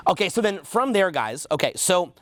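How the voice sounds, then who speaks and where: A man's voice: sits high, big pitch swings, normal speed, fairly bright tone, no echo. A man with a Canadian accent teaching a seminar, quizzing the audience and repeating their answers back. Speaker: dating coach.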